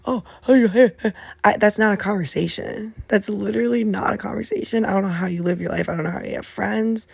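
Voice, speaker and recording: A woman hosting her own podcast, telling stories in a rambling, animated way with frequent swearing, talking from under a blanket. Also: medium pitch, a little fast, vocal fry, husky, no echo. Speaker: podcast host. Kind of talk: casual storytelling.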